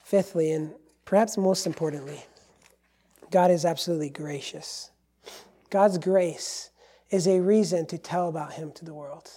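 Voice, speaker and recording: A male pastor preaching a sermon with a mellow, warm tone. He drives his points home emphatically, rising to loud declarations and dropping to near-whispered asides. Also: high voice, steady tone, measured pace. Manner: emphatic, swings from loud to hushed.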